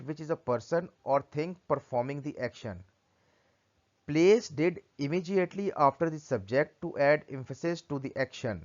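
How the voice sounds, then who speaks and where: Male grammar teacher, slow and deliberate, reading example sentences aloud; dull lo-fi recording. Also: a little high. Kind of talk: read-aloud grammar lesson.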